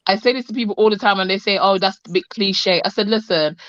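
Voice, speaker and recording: A woman's voice: mid-range voice, quick pace, fairly bright tone, no echo. A frank woman with a South London accent, holding forth in a casual chat. Her delivery is emphatic and full of restarts. The sound is dry and slightly muffled. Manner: emphatic, frank, laughs often, restarts sentences.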